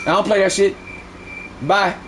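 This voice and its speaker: High-voiced man ranting heatedly at chat. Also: steady tone, moderate pace, a bit bright, slight background noise. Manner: heated, repetitive, profane arguing. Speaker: live game streamer. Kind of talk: ranting at live chat during a stream.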